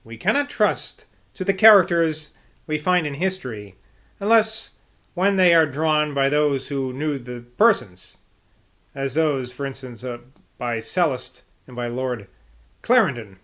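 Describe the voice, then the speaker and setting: A man reading the lines of a blunt, forceful old male scholar in an audiobook, with emphatic, sardonic delivery. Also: on the high side, expressive, measured pace.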